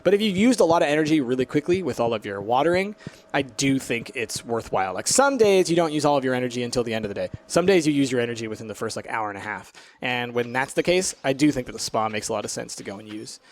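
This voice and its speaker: A man casually commenting on a video game as he plays it, chatty and thinking aloud, with plenty of ums and uhs. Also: mid-range voice. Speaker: let's play host. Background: faint game music.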